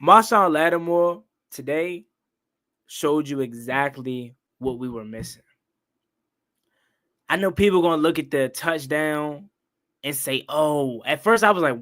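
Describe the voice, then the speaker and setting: A young man hosting a live-stream football recap, excitable and repetitive, ranting and questioning the calls. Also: a little high, a little slow. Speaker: sports talk host.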